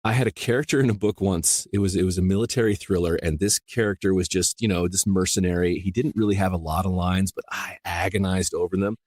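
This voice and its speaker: A man from rural Iowa, an audiobook narrator, chatting as a guest in a casual interview, rambling with many restarts and quick laughs. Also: low voice, fairly even intonation, a little mellow, dry recording. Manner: rambling, full of "you know" and restarts, laughs easily.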